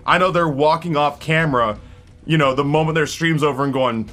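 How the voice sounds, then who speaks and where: A man's voice: on the high side, brisk, a bit bright, faint music behind. A man in his forties chatting live with his stream viewers, rambling, swearing and greeting people in chat by name. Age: 40s.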